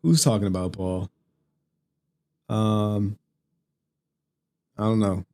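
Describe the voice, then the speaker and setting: A man's voice: fairly low pitch, little pitch movement, slow pace, warm tone, a little hiss or hum. A man hosting a live stream, ranting casually with lots of swearing and laughter while he reads chat messages. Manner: profane, laughing, rambling, reads super chats. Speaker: streamer host.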